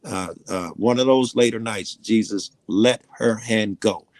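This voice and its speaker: A man's voice: fairly low pitch, measured pace, no echo. A man telling a personal story in casual conversation, blunt and profane, rambling as he goes. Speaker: panel guest.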